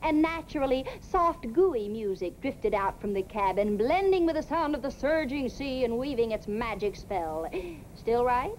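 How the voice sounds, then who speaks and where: An actress playing a quick-witted young woman who teases her father in a sarcastic 1950s sitcom style. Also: on the high side, expressive, darkish tone, a little hiss or hum, close to an everyday voice, rough recording. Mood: teasing. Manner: teasing, sarcastic. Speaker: daughter in a sitcom.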